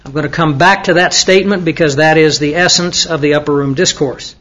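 A man with a high voice gives a Bible lesson to a class of students. He talks in an easy, conversational way and often puts questions to his listeners. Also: fairly even intonation, fairly quick, fairly bright tone, lo-fi sound. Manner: conversational, asks the audience questions, with fillers. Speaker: Bible teacher.

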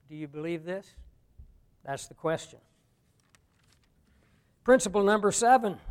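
High-voiced man preaching in a reverberant hall. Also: expressive, unhurried, pauses often, clear, resonant tone. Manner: preaching, swings between hushed and loud emphatic lines. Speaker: pastor. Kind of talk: sermon.

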